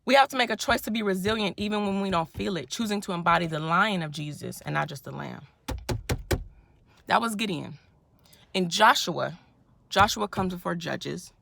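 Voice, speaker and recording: A woman's voice: on the low side, normal speed, creaky, noisy background. A woman giving an impassioned, emphatic faith pep talk, recorded on her phone in a parked car. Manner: fervent, emphatic, preacherly and colloquial. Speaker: faith vlogger.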